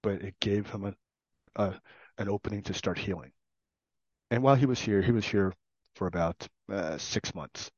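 Middle-aged man, low voice, reflective recovery testimony in halting phrases; dry, slightly muffled sound. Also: darkish tone, breathy edge, dry recording. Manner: earnest, reflective, speaks in short halting phrases. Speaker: program participant sharing his story. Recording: dull, dry recording.

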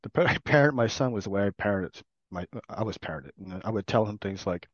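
A middle-aged man sharing his personal recovery story in an earnest, reflective way, in short halting phrases. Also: fairly low pitch, expressive, no echo. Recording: dull, dry recording.

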